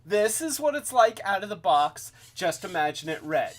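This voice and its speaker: A man hosts a casual toy live stream over a webcam mic, rambling haltingly with many restarts and fillers. He refers to himself by a nickname in the third person, and his voice sits high and is very animated.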